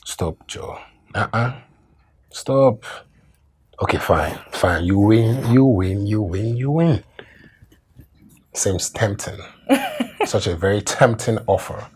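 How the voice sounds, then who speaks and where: A smug, cruel husband speaks in a very low voice, slow and drawn out. He chuckles to himself in this film drama. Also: lively intonation, darkish tone, slightly rough, full character voice. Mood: coaxing, teasing.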